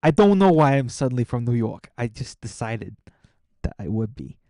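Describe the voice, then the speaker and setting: A man commentating a live gaming stream, his pitch bouncing all over as he reacts with excited disbelief. He teases his viewers and rambles, tripping over restarts. The sound is close and dry, with no room around it. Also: moderate pace, no room sound. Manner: excitable, incredulous teasing of viewers; rambling with restarts when stressed. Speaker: streamer reviewing viewer accounts.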